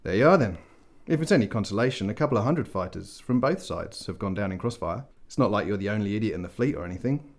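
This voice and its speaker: A man's voice: fairly low pitch, expressive, fast talker. A man voicing Death as a casual, thirtyish man, offhand and mildly amused.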